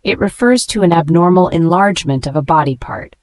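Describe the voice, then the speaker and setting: Lady reading a vocab lesson, low voice, spells every word, says great job a lot. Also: dry recording. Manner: steady, spells words letter by letter; slows down to pronounce each word. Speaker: English vocabulary teacher.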